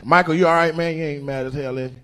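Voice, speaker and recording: This stand-up comic speaks a little high and quickly, animated and loud as he works the club audience, veering from yells to mumbles. The live stage-mic recording carries a little hiss or hum.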